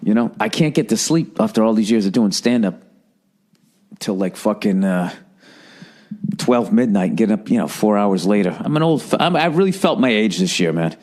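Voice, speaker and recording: A man's voice: lowish voice, lively intonation, moderate pace, darkish tone. A middle-aged man hosting a podcast, telling stories in a casual, profane, rambling monologue with acted-out quotes. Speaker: podcast host.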